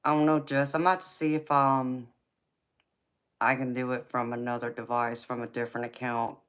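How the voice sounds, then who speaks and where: A woman's voice: rumbling low, level tone, normal speed, a bit bright. A woman chatting with viewers on a live tarot stream, teasing and folksy, laughing often. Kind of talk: casual live chat with viewers.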